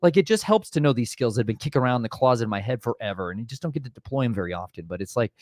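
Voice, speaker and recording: A man with a Southern American accent recounts events in loose, casual talk, slipping into voices for the people he met. He turns preachy at times, sounding fervent about faith. The sound is dry and close, with his voice sitting at a plain middle pitch. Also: very fast, no echo. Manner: animated, acts out his own and others' voices in retold dialogue; preachy, mixes religious exhortation into talk. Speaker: vlogger sharing storm preparedness experiences. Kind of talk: casual storytelling chat.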